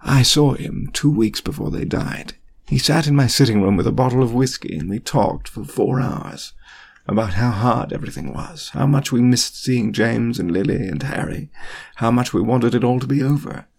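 A man's voice: medium pitch, normal speed, gravelly, darkish tone, breathy edge. A man voicing an earnest, desperate grown wizard in an audiobook reading, speaking with urgent, pleading questions. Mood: anguished.

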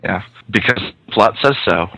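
A man's voice: fairly low pitch, lively intonation, normal speed, pushed and bright, breathy edge, poor audio. A man co-hosting a casual podcast discussion of a story, talking thoughtfully with wry asides. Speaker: podcast co-host, fan fiction author.

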